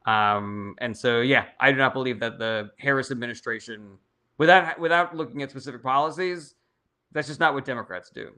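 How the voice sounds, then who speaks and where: A man's voice: medium pitch, normal speed, pushed and bright. A young man hosting a casual livestream, reading chat questions aloud and answering them in a blunt, profane, opinionated way.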